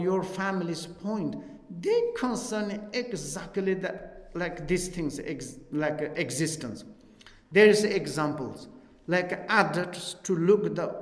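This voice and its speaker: A Buddhist teacher with a Tibetan accent, speaking Tibetan natively, gives a dharma teaching in halting, broken English full of fillers. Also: male voice, sits high. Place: retreat teaching hall. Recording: echoey hall with long reverb.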